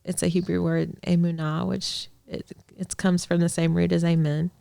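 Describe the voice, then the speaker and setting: A young adult woman sharing a heartfelt faith testimony as a guest in a conversation, earnest, with soft laughs and restarts. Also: on the low side, little pitch movement, moderate pace, creaky, clear, resonant tone, no echo. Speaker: podcast guest, ministry director.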